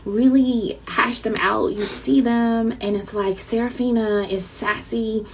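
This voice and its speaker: Gravelly-voiced chatty Southern-tinged woman. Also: on the high side, fairly even intonation, takes it slowly, a little hiss or hum, poor audio. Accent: light Southern twang. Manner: chatty, dramatic, addresses viewers as y'all. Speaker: author. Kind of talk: casual chat to viewers.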